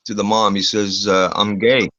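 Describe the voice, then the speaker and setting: A man's voice: lowish voice, flat delivery, normal speed, sharp tone, no room sound, lo-fi sound. A man telling a crude, rambling story on a video call, swearing often and full of fillers. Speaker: online show host.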